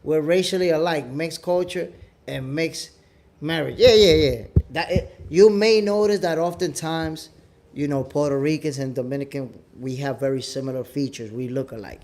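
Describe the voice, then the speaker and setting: A man from New York City with a New York accent, hosting a boxing show as a casual livestream chat from home, animated and talking straight to his viewers. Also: a little high, normal speed, slight background noise. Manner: animated, repeats himself, talks straight to viewers. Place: home, at the Dominican Republic.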